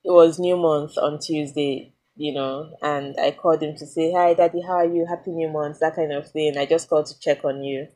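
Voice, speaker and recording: A woman's voice: low voice, steady tone, moderate pace, hardly any pauses, dark tone. A young woman with a Nigerian accent telling a personal story in a casual vlog, candid and confiding, with plenty of fillers and restarts. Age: young adult. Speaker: vlogger.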